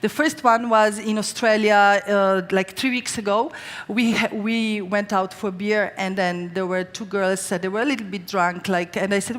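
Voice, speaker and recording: A middle-aged woman from Slovenia, a chef talking fast and chattily through a live stage cooking demonstration. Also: mid-range voice. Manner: chatty, fast storytelling with lively quoted voices. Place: large event stage with audience. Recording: long hall reverb on stage.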